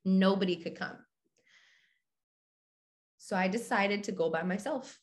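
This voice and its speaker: A young woman telling a personal story in casual chat, animated and full of "like", acting out her own reactions. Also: mid-range voice, unhurried. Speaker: podcast guest.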